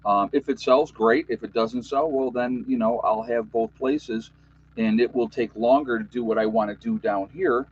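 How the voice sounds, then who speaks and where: A man's voice: mid-range voice, fairly even intonation, normal speed, husky, highs cut off. An overtired man in his fifties with a New York accent, rambling in a chatty, joking way as he hosts a casual livestream for his channel. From United States. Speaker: YouTube channel host.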